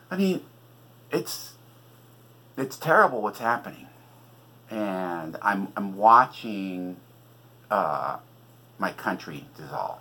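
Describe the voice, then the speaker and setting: Husky-voiced man ranting about politics. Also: sits low, big pitch swings, slow, pauses often, pushed and bright, low-quality recording. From California. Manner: agitated, profane, sarcastic. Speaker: podcast host and author.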